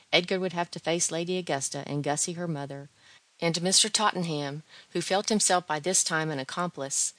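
Low-voiced woman narrating a novel. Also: fairly bright tone, dry recording. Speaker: audiobook reader.

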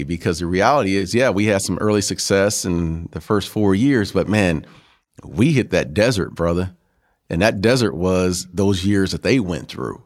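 A man in his fifties, a former pro football player, telling stories from his career in an animated way and acting out what others said. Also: low-pitched. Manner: animated storyteller who acts out quotes, peppered with "man". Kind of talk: storytelling interview.

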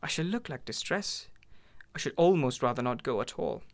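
A man's voice: mid-range voice, animated, moderate pace, natural voice. A man voicing a sulky, plaintive young wife who longs for luxury in a story reading.

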